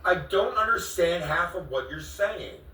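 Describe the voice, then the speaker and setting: A man's voice: sits high, lively intonation, a little slow, pushed and bright, recorded from a distance. A man with a cracking voice, confronting someone and repeating the same questions again and again in a pleading, exasperated way. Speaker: vlogger confronting a friend. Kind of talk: heated confrontation on camera. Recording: echoey room, voice a bit off-mic.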